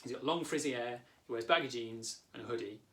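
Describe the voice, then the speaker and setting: A man in his thirties, a therapist and coach, calmly explaining a coaching lesson straight to the viewer. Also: medium pitch, a little fast. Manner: calm, warm explaining, talks directly to the viewer.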